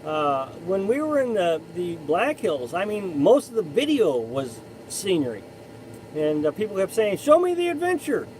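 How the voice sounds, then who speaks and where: A man's voice: high voice, sing-song, unhurried, a little mellow, a little hiss or hum, low-quality recording. A man hosting a casual live stream, chatting in a rambling way and often restarting his sentences. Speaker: live stream host reading chat.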